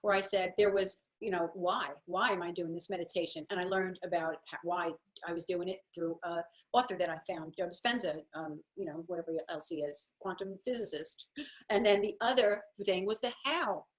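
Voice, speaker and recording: A woman's voice: on the low side, moderate pace. A woman home-organizing coach giving a chatty, encouraging talk while sharing her screen. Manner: chatty and encouraging, acts out little quoted voices.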